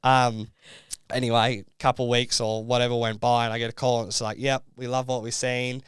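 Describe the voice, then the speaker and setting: A man's voice: mid-range voice, flat delivery, normal speed, fairly bright tone, clean tone, dry recording, clean studio sound. A young Australian man and reality show contestant, telling his story in a casual podcast interview, rambling with lots of fillers.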